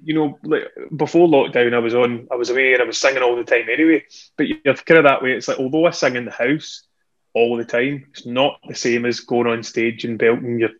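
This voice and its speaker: A man's voice: medium pitch, fairly even intonation, brisk. Chatty Scottish man on a dull call line. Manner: chatty, self-deprecating, laughs often. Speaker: singer and guest. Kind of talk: casual chat over a remote call. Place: at home indoors. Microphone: earphone headset on a video call.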